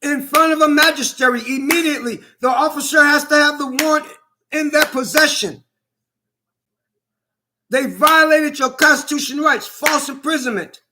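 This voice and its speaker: A man's voice: very high-pitched, moderate pace, bright, forceful tone. A man delivering a heated, indignant vlog monologue, repeating himself and swearing often. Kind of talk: angry personal vlog monologue.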